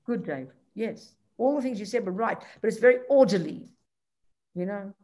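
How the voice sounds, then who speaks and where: A woman's voice: mid-range voice, lively intonation, moderate pace, darkish tone. A woman teaching Buddhist ideas, answering a student directly and emphatically, acting out quoted lines.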